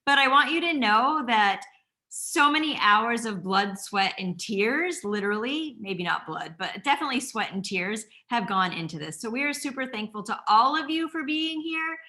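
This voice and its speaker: Bright, fast-talking enthusiastic woman. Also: on the high side, expressive. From Maine. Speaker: panelist. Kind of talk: casual group call.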